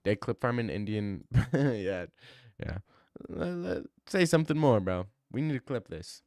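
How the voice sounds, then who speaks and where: Male streamer, casual rambling banter, smooth clear voice, mid pitch, dry close sound. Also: big pitch swings, normal speed, darkish tone, dry recording. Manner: rambling, joking banter with chat. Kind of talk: casual livestream chat.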